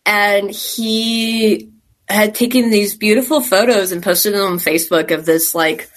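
A woman's voice: medium pitch, steady tone, a little slow. A woman from Texas, a caver, telling stories in a rambling, chatty way during a casual interview, laughing often. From Texas, USA. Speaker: guest caver.

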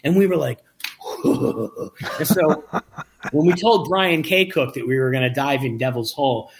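A man telling a lively anecdote about making a documentary, acting out the quoted dialogue and often restarting his sentences. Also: mid-range voice, fairly quick, a little hiss or hum. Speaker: documentary filmmaker. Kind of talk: casual storytelling in an interview.

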